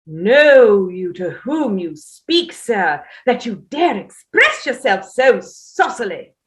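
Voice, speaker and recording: A woman's voice: fairly high pitch, big pitch swings, slow pace. A woman reading the part of an imperious, sleepwalking Tudor queen in a staged play reading, declaiming with haughty command.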